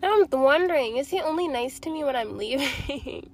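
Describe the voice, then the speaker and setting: A young woman with a high, light voice talks straight to her viewers in a confessional vlog. She sounds sad and close to tears. She rambles, circles back and swears often. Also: lively intonation, normal speed. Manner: emotional, rambling, frequent swearing. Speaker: vlogger.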